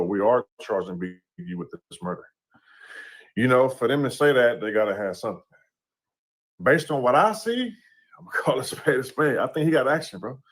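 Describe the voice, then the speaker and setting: A man in a played clip giving casual commentary on a court case, often asking "you know what I'm saying". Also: mid-range voice.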